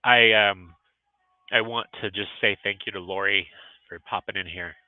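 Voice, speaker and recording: This middle-aged man hosts a motivational vlogcast livestream from a restaurant, earnest, encouraging and sometimes emotional. His lowish voice keeps a fairly even intonation at a moderate pace, and the tinny phone-like audio carries no echo.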